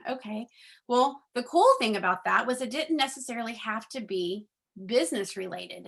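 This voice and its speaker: A woman giving a chatty motivational talk to her sales team, full of fillers and acting out conversations. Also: on the high side. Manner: chatty and animated, many fillers, acts out quoted dialogue. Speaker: direct sales leader speaking to her team.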